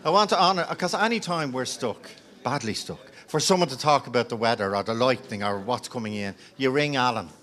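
A man's voice: mid-range voice, fairly quick, fairly bright tone. A man with an Irish accent hosting a live radio broadcast before a crowd, chatty and teasing, on a handheld mic. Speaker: radio phone-in host. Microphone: handheld microphone.

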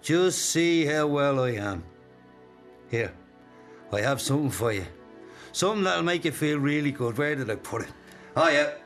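An actor playing King, a domineering, menacing man who gives orders and shouts at times, in a radio drama. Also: on the high side, lively intonation, normal speed, long pauses, soft background music. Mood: soothing, warm. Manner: commanding, threatening, shouts at times.

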